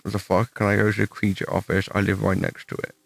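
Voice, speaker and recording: A young man with a West Midlands English accent and a slightly low voice answers his viewers on a livestream. He talks in a blunt, profane, rambling way. The sound is dry and close to the mic. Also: little pitch movement, quick pace, vocal fry, dry recording. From England, West Midlands. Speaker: streamer answering chat questions. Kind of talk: casual livestream chat.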